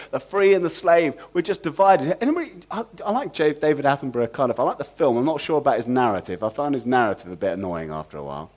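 A man preaching an expository sermon, animated and asking the congregation rhetorical questions. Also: a little high.

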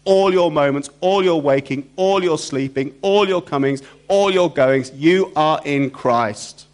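A man's voice: a little high, measured pace. A man preaching a sermon, emphatic and repetitive, throwing rhetorical questions to the congregation.

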